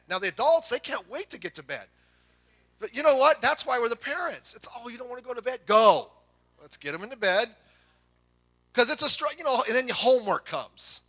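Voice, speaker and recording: A middle-aged man preaching a sermon to a congregation, telling folksy family stories with quick asides. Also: extremely high pitch, pushed and bright. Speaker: pastor.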